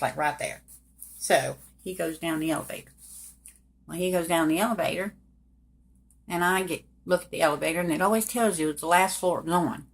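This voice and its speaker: Woman, low-pitched, folksy, colloquial, casual personal storytelling. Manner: folksy, colloquial, talks straight to listeners. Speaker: storyteller recounting her own life.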